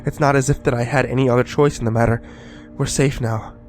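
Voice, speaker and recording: A man narrating a first-person horror story in a scripted, hushed delivery. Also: medium pitch, fairly even intonation, fast, soft background music.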